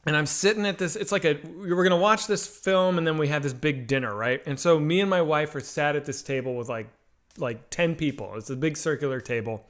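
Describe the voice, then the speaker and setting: A man's voice: on the high side, fairly quick, fairly bright tone. A man co-hosting a comedy stream, chatting casually and telling a funny story with lots of animation. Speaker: comedy show co-host.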